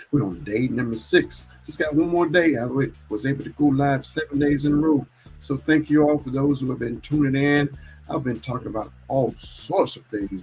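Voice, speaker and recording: A man's voice: mid-range voice, husky, rough recording. A man hosting his own live stream, chatting casually and rambling, often correcting himself. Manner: rambling and self-correcting, churchy.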